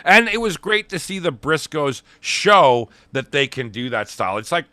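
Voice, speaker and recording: Middle-aged guy gushing about a wrestling show, bright clear voice, dry close mic. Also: fairly high pitch, very animated, moderate pace, no room sound. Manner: enthusiastic, retells promos in quoted voices. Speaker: podcast co-host. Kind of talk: casual wrestling review chat.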